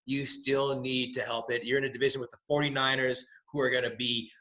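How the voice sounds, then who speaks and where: A young man co-hosting a casual sports talk show, giving animated, opinionated football draft analysis. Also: mid-range voice, fairly quick. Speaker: podcast co-host, mock draft participant.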